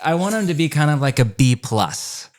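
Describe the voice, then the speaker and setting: A man's voice: on the high side, very animated, normal speed. A man who is a former lead pastor, chatting candidly in a podcast conversation, agreeing readily and laughing easily.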